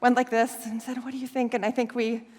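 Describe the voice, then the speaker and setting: A woman guest speaker telling a lively story, laughing often and acting out the voices of the people in it. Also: fairly high pitch, fairly quick. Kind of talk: storytelling talk. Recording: long hall reverb.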